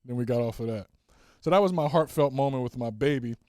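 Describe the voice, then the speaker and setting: A man hosting a solo podcast, telling stories in a casual, animated way and acting out the dialogue. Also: fast talker, no room sound, clean studio sound. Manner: animated storytelling, acts out dialogue with swings in pitch. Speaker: podcast host.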